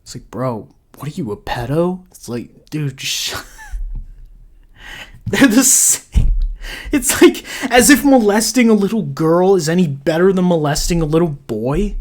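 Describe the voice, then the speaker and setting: A woman's voice: on the low side, a little mellow. A woman hosting a reaction commentary channel, ranting crudely and sarcastically with a stream of insults. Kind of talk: profane reaction rant.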